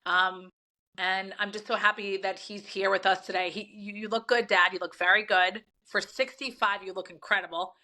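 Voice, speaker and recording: A woman's voice: mid-range voice, fairly even intonation, moderate pace. A woman co-hosting a podcast, speaking emotionally and gushing with affection, close to tears. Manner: tearful, gushing, warm toward her father. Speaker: podcast co-host.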